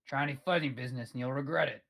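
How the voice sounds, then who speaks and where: A man voicing a cautious male adventurer who wields magic, speaking in a measured, guarded way. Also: medium pitch, gravelly, fairly bright tone.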